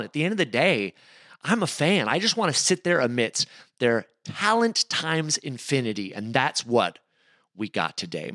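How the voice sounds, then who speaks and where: Give me an enthusiastic male podcast host with a lively voice. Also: mid-range voice, no room sound, studio quality. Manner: enthusiastic, gushing. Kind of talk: scripted podcast narration.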